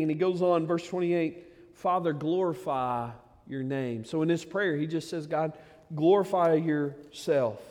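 A pastor preaching a sermon, fervent and emphatic, addressing the congregation directly. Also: male voice, fairly high pitch, darkish tone. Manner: fervent, emphatic preaching with many "man" interjections. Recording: long hall reverb.

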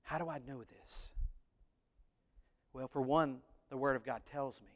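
A man preaching a sermon as pastor, animated, acting out voices and singing short snippets. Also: mid-range voice, unhurried, long reverb tail.

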